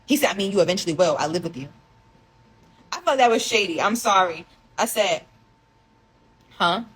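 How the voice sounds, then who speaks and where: A woman's voice: fairly low pitch, animated, moderate pace, breathy edge, low-quality recording. A young woman telling a confessional story, rambling and emotional as she reads out old text messages. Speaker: vlogger telling her story. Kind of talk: casual storytime monologue.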